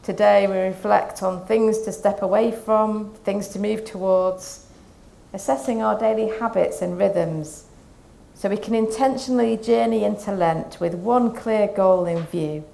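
A woman preaching a Lent sermon, reading scripture and reflecting in a calm, measured way. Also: mid-range voice, creaky.

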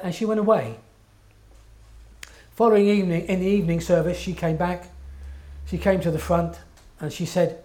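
A man's voice: high voice, moderate pace, long pauses, a little mellow. A man preaching a sermon in an earnest, emphatic way, often checking in with his listeners.

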